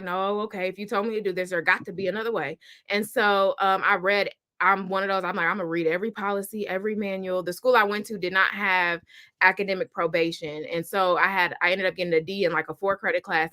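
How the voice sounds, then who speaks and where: A young adult woman tells her story over a video call. Her voice is bright and a little forceful. She talks with emphatic energy and slips into acting out what she was thinking at the time. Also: mid-range voice. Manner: animated and emphatic, acts out her own past thoughts. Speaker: guest. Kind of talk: personal storytelling in a conversation.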